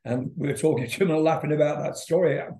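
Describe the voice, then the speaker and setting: A man's voice: on the high side, quick pace, warm tone, slight background noise. An older man, a rock singer, telling a rambling story in a casual interview, laughing and swearing as he goes. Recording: roomy echo.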